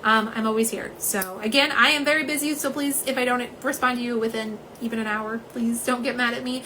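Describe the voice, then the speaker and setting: A woman, chatting casually and warmly through a nail polish livestream at home, with lots of "um"s. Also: a little high, steady tone, brisk, a little hiss or hum, poor audio. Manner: chatty, many "um"s, says "y'all".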